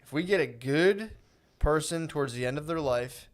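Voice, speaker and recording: A man's voice: a little high, lively intonation, normal speed. Mock-earnest man who keeps saying dude. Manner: mock-earnest, swears often, says "dude" a lot. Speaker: podcast co-host. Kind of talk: casual comedic chat.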